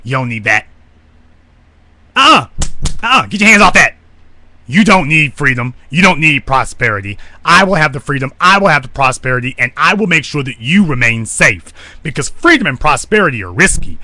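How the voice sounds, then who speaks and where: A man's voice: fairly high pitch, big pitch swings, moderate pace, bright, forceful tone, heavily acted. A man mocking a condescending oppressor. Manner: mocking, patronizing scolding. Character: condescending male oppressor talking down.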